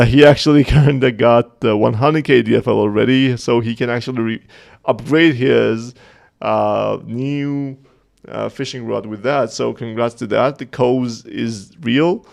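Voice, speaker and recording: Gravelly-voiced man chatting on a livestream. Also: medium pitch, a little mellow. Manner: chatty, joking, reading chat aloud. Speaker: host of a community livestream. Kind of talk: casual livestream chat.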